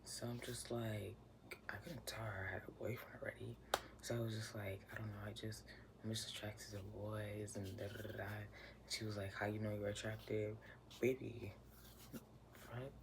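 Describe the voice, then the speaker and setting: A man's voice: fairly low pitch, flat delivery, normal speed, vocal fry. A young man casually telling a personal story, chatty and slangy, often dropping to a near whisper. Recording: noisy room ambience.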